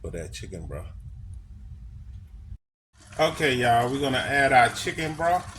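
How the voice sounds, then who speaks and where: A man's voice: medium pitch, sing-song, unhurried, fairly bright tone. Folksy man cooking on camera. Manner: folksy, repeats phrases, addresses viewers as y'all. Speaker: cooking vlogger. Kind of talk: casual cooking demonstration. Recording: clear background noise.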